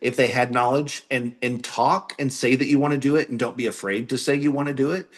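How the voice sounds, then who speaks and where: A man's voice: mid-range voice, fairly even intonation, fairly quick. A man being interviewed as a filmmaker, speaking earnestly and encouragingly. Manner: earnest, encouraging, plain-spoken. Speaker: filmmaker guest. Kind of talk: interview answers.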